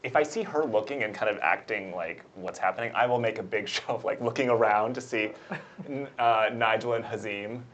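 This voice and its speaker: A tabletop game player chatting casually, laughing often and swearing when excited. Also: mid-range voice, fairly quick, highs cut off. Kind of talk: casual tabletop role-play.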